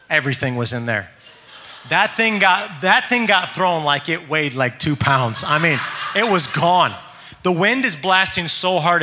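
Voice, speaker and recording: A father telling a family story in an animated, excitable way. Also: a little high, big-room sound, a little hiss or hum. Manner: animated, excitable, fast-shifting delivery. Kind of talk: casual storytelling.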